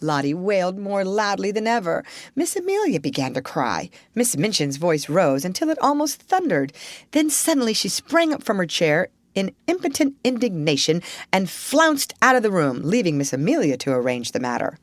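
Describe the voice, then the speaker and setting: Expressive woman reading a storybook. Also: medium pitch, moderate pace, dry recording. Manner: expressive storytelling, colours the narration. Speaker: audiobook reader. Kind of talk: scripted narration of a classic children's novel.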